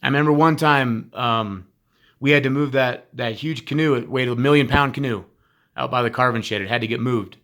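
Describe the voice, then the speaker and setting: A man's voice: medium pitch, a little fast, a bit bright. A man, a former teacher, giving a heartfelt, informal recorded message to graduates, emphatic and blunt with casual swearing.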